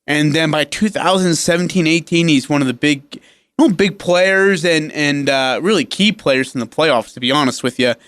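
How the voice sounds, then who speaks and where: Animated opinionated radio sports host, man. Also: fairly high pitch, moderate pace, smooth, dry recording. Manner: emphatic, opinionated. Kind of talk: casual sports talk.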